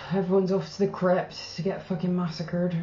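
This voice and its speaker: A woman hosting a reaction video, giving live commentary full of swearing and emotion, moving from hushed murmurs to excited shrieks. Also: fairly low pitch, unhurried, a little hiss or hum. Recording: dull, roomy home recording.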